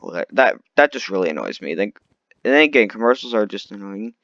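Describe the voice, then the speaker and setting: A man rambles through a rant, griping and breaking off his sentences to start them over. His pitch swings widely as he talks. The recording is dry and a little muffled. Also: very animated, fast talker, a bit bright, dry recording. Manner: rambling, complaining, many restarts. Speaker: vlogger. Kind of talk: unscripted rant.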